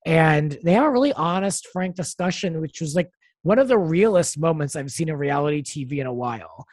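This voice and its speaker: A podcast co-host chatting casually and giving opinions with quick asides. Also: medium pitch, animated, darkish tone, no room sound. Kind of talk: casual chat recapping reality TV.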